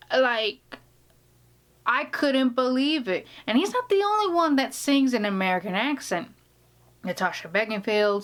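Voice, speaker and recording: Woman rambling to her camera, slow and unhurried, gets all gushy and whispery sometimes. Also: medium pitch, a bit bright, clean tone. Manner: gushing, rambling, drops to whispers. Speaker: vlogger. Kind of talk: casual talk to camera.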